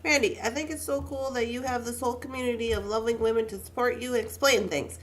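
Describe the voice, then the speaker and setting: Speaking quickly in a slightly high voice with fairly even intonation, a pregnant young woman chats casually on a livestream while beading. She welcomes viewers by name and talks herself through the work. Slight background noise can be heard.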